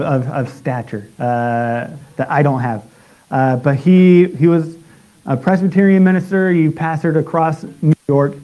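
A man preaching a sermon in a halting way, with many restarts and filler sounds. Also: mid-range voice, muffled recording.

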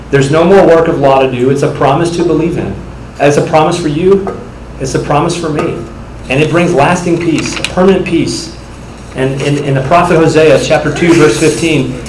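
A young male pastor preaching with earnest conviction, his fairly high voice ringing through an echoey church sanctuary. A faint hum of the room sits underneath his words. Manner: earnest preaching that turns animated and laughing in storytelling. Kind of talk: sermon.

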